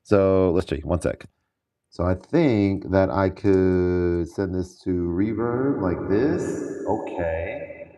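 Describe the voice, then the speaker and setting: A man livestreaming as a music producer, chatting casually and thinking aloud in a relaxed way while he adjusts his gear. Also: sits low, takes it slowly.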